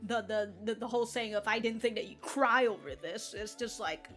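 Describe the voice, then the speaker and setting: Lady chatting about an anime ep, kinda high voice, giggles a lot, swears, faint music behind. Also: normal speed, a bit bright. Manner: rambling, laughs often, swears casually. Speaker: anime reaction channel host. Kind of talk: casual reaction commentary.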